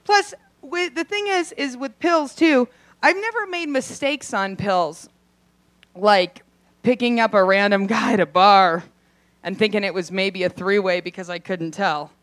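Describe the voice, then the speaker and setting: A young adult woman performing a brash, profane stand-up set, acting out quick voices in her asides. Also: mid-range voice, fairly bright tone, no echo. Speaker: stand-up comedian. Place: comedy club stage.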